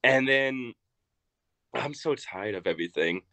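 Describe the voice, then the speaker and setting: A man's voice: a little slow, no echo. A young man from Arkansas, a wrestler guest telling a story in casual chat and acting out the quotes. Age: young adult. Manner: animated storyteller, acts out quotes with big pitch jumps.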